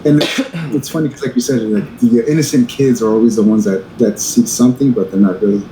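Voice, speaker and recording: A man's voice: mid-range voice, mellow. A man co-hosting a podcast, chatting casually with a lot of restarts and fillers. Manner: halting, many restarts and fillers. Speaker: podcast co-host. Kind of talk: casual chat. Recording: echoey room with faint noise.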